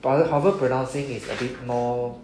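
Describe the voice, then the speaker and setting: A man's voice: medium pitch, fairly even intonation, fairly quick. Singaporean guy teaching a class, keeps saying "right?", echoey room, faint hum behind. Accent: Singaporean English. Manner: explains patiently, asks "right?" after each point. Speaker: Japanese language teacher. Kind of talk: classroom lesson.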